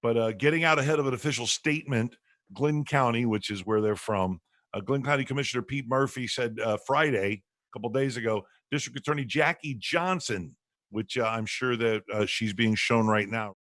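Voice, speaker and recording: A man's voice: medium pitch, fairly quick, a bit bright, no room sound, studio quality. Rambling male talk show host. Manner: rambling, lots of restarts and fillers. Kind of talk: casual chat. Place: home, remote on a video call.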